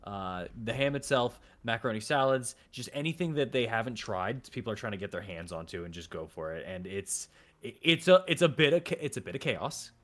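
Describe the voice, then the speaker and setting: A man's voice: lowish voice, a little fast, hardly any pauses, a bit bright. A man running a tabletop game as game master, narrating in a rambling, self-correcting way with many fillers.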